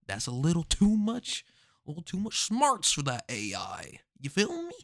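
Man, casual commentary, lively swooping pitch, dry close sound, slangy, joking asides. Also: normal speed, no echo. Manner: animated, rhetorical questions, slangy asides. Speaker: commentary host.

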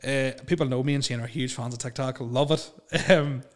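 A man's voice: medium pitch, steady tone, moderate pace. A man with a Northern Irish accent co-hosting a podcast, chatting casually, laughing a lot and swearing freely. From Northern Ireland. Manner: laughs often, swears freely, lots of fillers. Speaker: podcast co-host.

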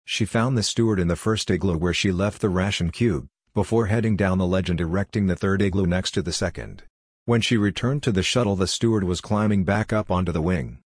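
A man reads a story aloud in a steady, plain manner. His voice sits low and husky, recorded close and dry. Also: fairly quick, no room sound. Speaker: audiobook narrator. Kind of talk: scripted narration.

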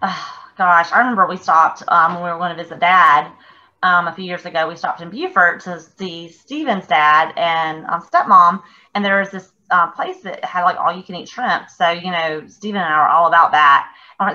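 Casting: young woman, chatty podcast co-host, bright forceful voice, dull lo-fi sound. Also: on the low side, moderate pace. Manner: chatty, laughs often, many fillers. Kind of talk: casual chat.

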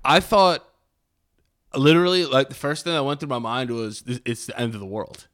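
A man's voice: mid-range voice, normal speed, fairly bright tone. A young man from New York, co-hosting a podcast, telling a story with lots of swearing and laughter. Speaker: podcast co-host. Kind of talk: casual chat.

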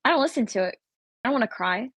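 A woman's voice: a little high, animated, fast, fairly bright tone, no room sound. A woman in her thirties co-hosting a podcast, wry and self-deprecating, often restarting her sentences. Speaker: podcast co-host. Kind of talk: casual chat.

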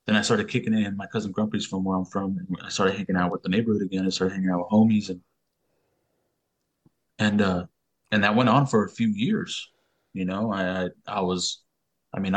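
A man with a fairly low voice tells a long story on a podcast. He talks loosely and rambles, full of swearing and street slang. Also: slightly rough. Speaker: podcast guest. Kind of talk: casual storytelling.

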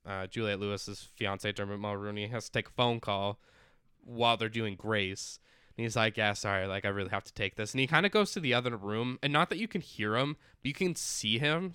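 Low, bright, crisp-voiced man recapping a film. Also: no room sound, clean studio sound. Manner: rambling, full of "like" and fillers, acting out quotes. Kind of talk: casual chat recapping a film.

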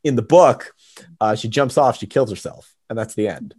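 A young man with a fairly low voice hosts a casual podcast chat. He talks loosely, stopping and restarting sentences with plenty of fillers. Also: expressive, normal speed, darkish tone, husky. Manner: hesitant, many restarts and fillers. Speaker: podcast host.

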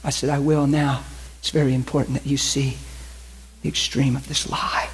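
A man's voice: medium pitch, level tone, normal speed, husky. A man preaching a sermon with passion, telling stories and pressing his point.

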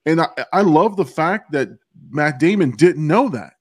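A man's voice: a little high, animated, unhurried, breathy edge, dry recording, studio quality. A man co-hosting a podcast, chatting casually about a movie, often restarting his sentences and swearing. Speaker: podcast co-host.

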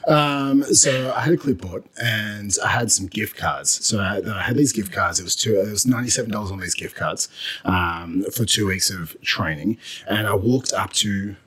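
An Australian man, a fitness business coach, telling stories in casual podcast chat, animated when excited. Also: on the low side, normal speed, slightly rough.

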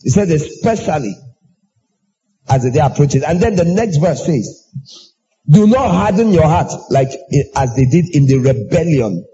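A man preaching a sermon in an animated way, acting out everyday exchanges in raised voices. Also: a little slow, breathy edge, muffled recording. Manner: animated, acts out dialogue in high voices.

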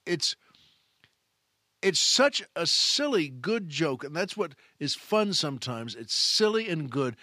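A podcast host tells a film anecdote in a chatty, enthusiastic, casual way, often restarting his phrases. His voice is on the high side and sharp, recorded dry with studio quality.

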